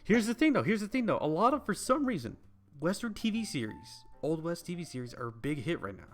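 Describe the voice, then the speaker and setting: A man's voice: a little high, big pitch swings, a little fast, faint music behind. A man from the countryside co-hosting a podcast, joking and rambling emphatically in a casual chat.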